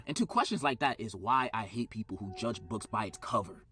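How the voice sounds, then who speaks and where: A man giving a comedic commentary on a children's book, swinging between low deadpan and sudden shouted outrage. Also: fast, hardly any pauses, husky.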